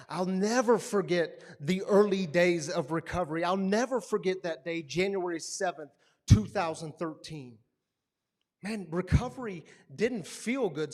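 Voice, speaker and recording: A man pastoring a recovery community, telling a story in a sermon and acting out the quotes and sounds. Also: sits high. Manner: animated storyteller, acts out quotes and buzzing sounds. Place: gathering hall with a live audience.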